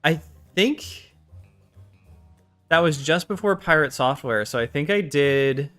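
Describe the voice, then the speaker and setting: A man's voice: a little high, animated, slow pace, a bit bright, soft background music. A British man rambling casually while reacting to clips on a live stream, often unsure and trailing off.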